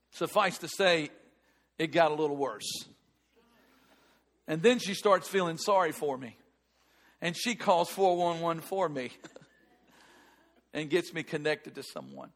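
A middle-aged male pastor preaching a sermon and telling a personal story, shifting between loud emphatic lines and hushed ones. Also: fairly high pitch, sing-song, measured pace, pauses often.

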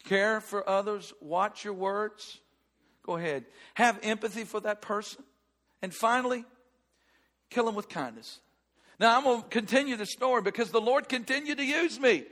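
Preaching at a moderate pace, a middle-aged man whose voice sits high recounts a story from his own life. Some lines come out loud and emphatic, while others drop to a hush.

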